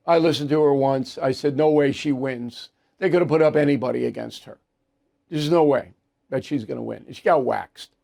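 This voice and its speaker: A man's voice: medium pitch, moderate pace, gravelly, dark tone. An older man from New York hosting a news commentary show, delivering a blunt, emphatic, sarcastic opinion monologue. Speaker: host.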